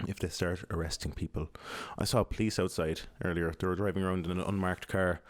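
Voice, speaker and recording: A man's voice: low voice, fairly even intonation, fairly quick. A young Irish man rambling to his podcast at home, mumbling and swearing, with many fillers. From Ireland. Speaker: podcast host. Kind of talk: casual rambling monologue. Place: home apartment.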